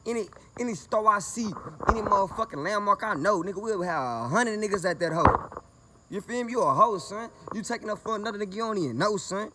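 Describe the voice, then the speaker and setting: A man's voice: high-pitched, animated, quick pace, heavy background noise. A man from Lake Charles, angry and confrontational, ranting profanely to camera. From Lake Charles, Louisiana, US. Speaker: vlogger. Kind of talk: heated rant to camera.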